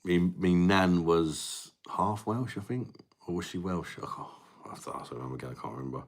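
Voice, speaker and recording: A man's voice: low-pitched, normal speed. A man hosting a live stream, chatting casually with viewers, laughing often and greeting them by name. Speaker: livestream host reading chat.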